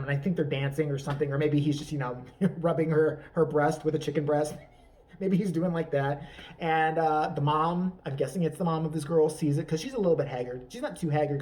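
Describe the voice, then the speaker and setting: A comedy vlogger riffs through an improvised, profane rant, rambling and laughing at his own jokes. His voice is fairly high with a dark tone, picked up by a distant mic.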